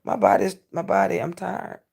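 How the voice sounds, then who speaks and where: A woman's voice: lowish voice, big pitch swings, fairly quick, a little mellow. A woman in a casual vlog monologue, ranting and preaching with plenty of profanity. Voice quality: gravelly. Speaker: vlogger.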